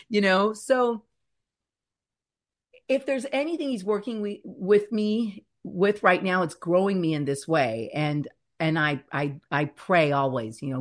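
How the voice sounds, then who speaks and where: Her voice is mid-range and unhurried: a woman in her fifties, interviewed as a guest author on a faith-focused program. She speaks earnestly and with animation about faith, fear and scripture, stretching the words that matter most.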